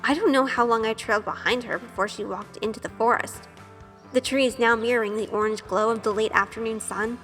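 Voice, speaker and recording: A woman's voice: fairly high pitch, steady tone, fairly quick, fairly bright tone, long reverb tail, soft background music, close to an everyday voice. An actress narrating in first person as a shy, nervous young woman who keeps questioning herself in an audio drama. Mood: self-conscious. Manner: earnest, self-questioning inner monologue.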